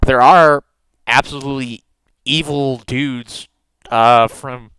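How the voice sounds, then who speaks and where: An American man co-hosting a casual tabletop gaming podcast, talking in halting bursts with frequent restarts and laughs. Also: medium pitch, steady tone, fairly bright tone, smooth, rough recording. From United States. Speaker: podcast co-host, game master.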